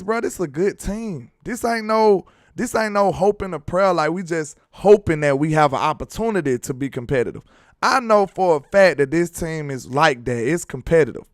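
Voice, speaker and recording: A man's voice: on the high side, dry recording, studio quality. A young man hosting a casual sports chat, laid-back, laughing often and using dialect slang. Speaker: sports show host.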